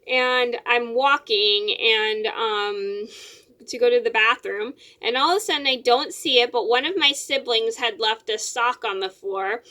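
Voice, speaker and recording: Bright-voiced young woman rambling through a story. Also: a little high. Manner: rambling, repeats words, many fillers. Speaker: vlogger. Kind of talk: casual storytelling to camera.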